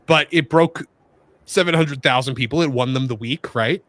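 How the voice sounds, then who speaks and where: A man hosting a casual wrestling podcast, animated and joking. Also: mid-range voice, moderate pace, no echo. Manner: animated, joking, rambling with fillers. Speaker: host.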